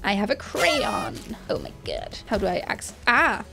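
A woman hosting a gaming channel, giving excitable let's-play commentary with lots of exclamations. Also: mid-range voice, measured pace. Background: game music.

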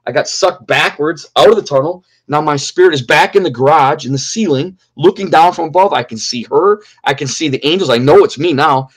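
A man's voice: fairly high pitch, fairly quick, few pauses, slightly rough. A middle-aged man giving an earnest personal testimony in an interview, repeating key phrases for emphasis. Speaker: interview guest.

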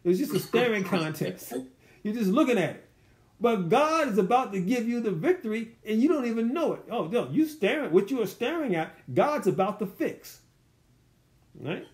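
A Bible teacher with a high-pitched voice guides listeners through scripture verse by verse at a normal pace. His pitch swings widely, his language stays loose and colloquial, and he keeps asking them rhetorical questions.

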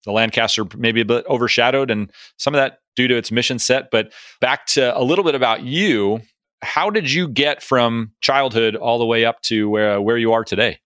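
A man cohosting a podcast, asking a guest questions in a steady way. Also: medium pitch, moderate pace, dry recording, studio quality. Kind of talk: podcast interview.

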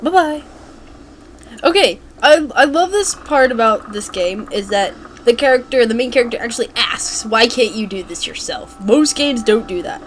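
A woman's voice: on the high side, lively intonation, moderate pace, soft background music. A woman giving casual, jokey gameplay commentary with playful, silly asides. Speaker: let's play gamer.

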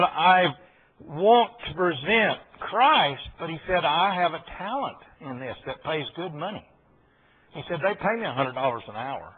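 Folksy pastor, tinny audio. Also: male voice, on the high side. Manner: folksy storytelling, quoting conversations. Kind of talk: Bible study teaching.

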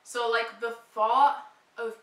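This young woman, in her twenties and pregnant with morning sickness, rambles to camera in a casual vlog, full of "like" fillers. Her voice is on the high side and a bit bright, level in tone and slow in pace. A distant mic leaves a roomy echo.

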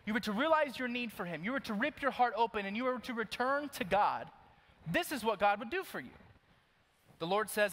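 A young man from Oklahoma preaching a sermon to young adults, swinging between loud urgent pleading and hushed, near-whispered confession. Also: sits high, very animated, moderate pace. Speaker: youth pastor. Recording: long hall reverb, faint noise.

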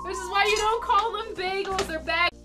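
A woman's voice: very high-pitched, normal speed. A woman streamer chatting casually to her live audience, reacting to jokes with laughs and exclamations. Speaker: music livestreamer. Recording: faint music behind.

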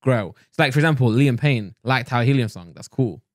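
Jokey young male co-host, fast and animated, dry close mic. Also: mid-range voice, no room sound. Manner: jokey, quick banter, puts on silly accents. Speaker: podcast co-host. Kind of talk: casual chat.

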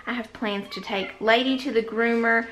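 A young woman chatting casually to the camera in a rambling, relaxed way. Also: on the high side, normal speed. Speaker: vlogger. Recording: dull lo-fi recording with loud background noise.

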